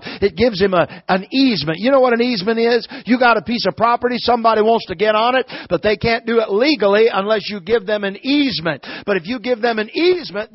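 A man preaching a sermon in a folksy storytelling way that swells into shouts. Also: sits high, no echo, muffled recording.

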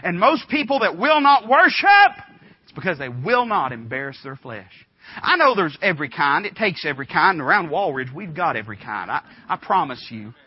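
A high-pitched man delivers a sermon. He swings from folksy storytelling into loud, fervent preaching. The recording is dull and lo-fi. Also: big pitch swings, a little fast, breathy edge, no room sound.

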